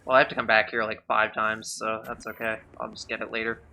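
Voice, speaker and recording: A man's voice: fairly low pitch, level tone, quick pace, vocal fry, sharp tone, a little hiss or hum. A man giving casual gameplay commentary during a speedrun, chatty, sarcastic and rambling.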